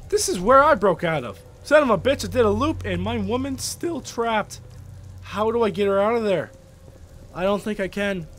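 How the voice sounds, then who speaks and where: A young man hosting a let's play, reacting out loud with lots of swearing and animated outbursts. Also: sits high, normal speed. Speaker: gaming video host.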